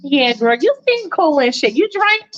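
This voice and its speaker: A high, sassy voice: a woman playing a brash young roommate, bossy and blunt, full of slang. The story is told in an offhand, storytime way. The recording sounds dull and lo-fi. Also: big pitch swings, normal speed, a bit bright, faint music behind.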